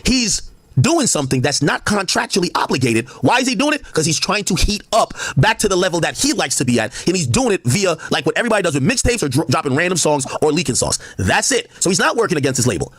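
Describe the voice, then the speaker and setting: A man arguing on a livestream, emphatic and repeating words as he talks over others. His voice is high and husky, and it rises and falls all over the place. He rattles the words out fast. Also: sing-song, a bit bright, dry recording. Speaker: streamer. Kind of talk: livestream debate.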